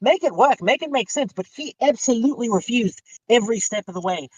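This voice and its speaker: A man chatting casually as a guest, telling a story with animated acted-out quotes. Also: very high voice, a little fast, husky, no room sound, poor audio.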